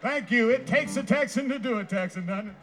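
A man hosting a live variety show with folksy emcee patter and shouted introductions. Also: very high-pitched, a little fast. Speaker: show host.

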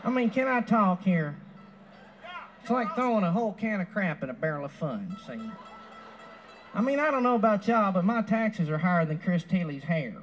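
A man's voice: high-pitched, animated, normal speed, dull audio, soft background music. A man doing an impression of a folksy middle-aged Texan politician with a twangy drawl and rambling rhetorical asides. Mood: indignant folksy. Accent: Texas. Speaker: guest musician doing an impression. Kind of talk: live stage impression.

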